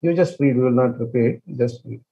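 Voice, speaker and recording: A man leading an online scripture class. He explains with many fillers and restarts and chants verses very slowly. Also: medium pitch, creaky, warm tone, highs cut off. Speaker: scripture study teacher.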